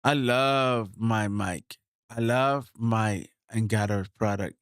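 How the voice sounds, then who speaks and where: Man, casual vlog, slow unhurried delivery, dry close studio mic, excited and repetitive. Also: on the low side, clear, resonant tone, no room sound. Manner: excited, repetitive, talks straight to viewers. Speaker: streamer reviewing his gear. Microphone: studio microphone, swapped between two.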